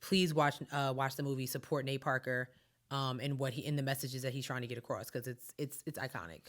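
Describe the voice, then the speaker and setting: A young adult woman co-hosting a podcast, playful and enthusiastic, quick to joke. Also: extremely low pitch. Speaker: podcast co-host. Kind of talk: casual chat.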